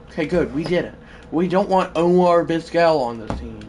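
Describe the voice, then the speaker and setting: A streamer calls a baseball video game live, with a pitch that swings widely as frustration mounts. The talk stays conversational but keeps breaking into outraged shouts aimed straight at the game. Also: normal speed, a little hiss or hum. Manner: frustrated, excitable, bursts into shouting; talks back to the game. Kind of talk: live gameplay commentary.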